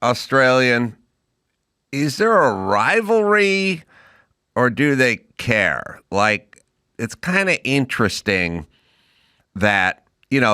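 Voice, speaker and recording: A man's voice: on the low side, sharp tone, clear, resonant tone, no room sound, clean studio sound. A man hosting a casual chat, asking questions in a jokey, self-deprecating way. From United States. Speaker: podcast host.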